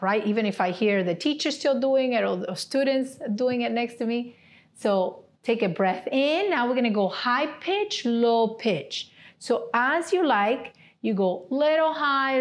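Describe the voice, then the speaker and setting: Guiding a seated yoga therapy class, a woman with a fairly high voice offers gentle instructions one step at a time. She frequently checks in by asking "right?".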